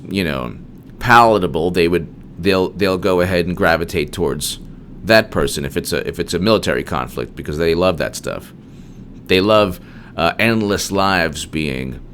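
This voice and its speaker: A man's voice: deep voice, gravelly, fairly bright tone, slight background noise. A man hosting a solo political commentary monologue, emphatic and digressive, with frequent restarts.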